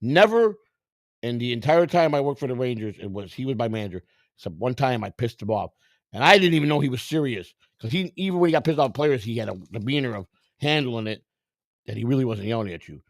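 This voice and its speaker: A man's voice: medium pitch, a little fast, no echo. A middle-aged man telling rowdy, profane stories in a casual way and acting out what other people said. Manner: profane, animated, acts out quotes. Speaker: storyteller, former clubhouse worker. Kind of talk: casual storytelling.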